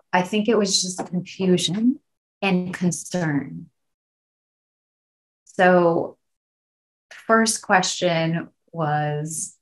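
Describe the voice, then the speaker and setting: A woman in her thirties, an actress and guest, telling her story candidly in a podcast interview, tearful at times. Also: on the low side.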